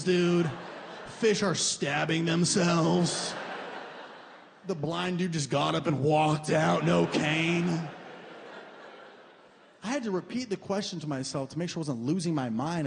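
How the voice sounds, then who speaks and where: A young man doing a stand-up routine on a comedy club stage, animated and crude, shouting out his punchlines. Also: a little high, creaky, a little hiss or hum. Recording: reverberant club room with faint ambience.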